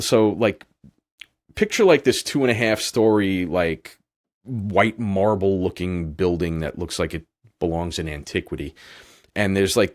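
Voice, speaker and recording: A man hosting a podcast and telling a long story casually, rambling and filling his talk with "like". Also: low-pitched. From New York. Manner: rambling, heavy use of "like". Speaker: podcast host.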